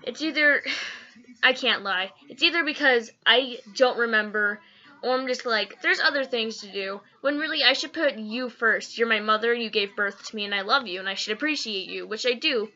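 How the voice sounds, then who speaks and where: A teenage girl chats in a casual home vlog with a high, bright voice. She rambles and giggles, then turns earnest. The recording sounds dull and lo-fi. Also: normal speed. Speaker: vlogger.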